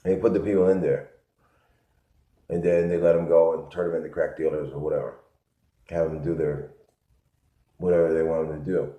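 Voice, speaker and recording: A man from Connecticut telling a rambling, repetitive story in a low-key monologue. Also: flat delivery, normal speed, long pauses. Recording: echoey, muffled lo-fi room sound.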